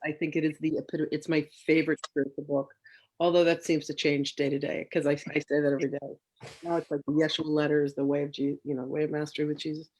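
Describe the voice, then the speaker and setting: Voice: mid-range voice, level tone, fast talker, darkish tone. Host of a spiritual talk show, mid-range voice, easy conversational questions. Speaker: interview host. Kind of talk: conversational interview.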